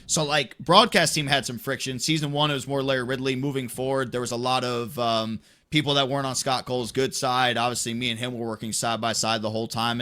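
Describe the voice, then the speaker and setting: A young man, an esports play-by-play commentator, telling a story in casual podcast chat with plenty of swearing. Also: mid-range voice. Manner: profane, animated storytelling.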